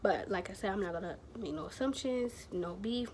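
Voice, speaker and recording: A woman of middle pitch talks straight to her camera at home, rambling through a story in a loose, chatty way. She piles on fillers and slang as she goes, over a faint hiss of room noise. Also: lively intonation, fairly quick. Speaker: vlogger.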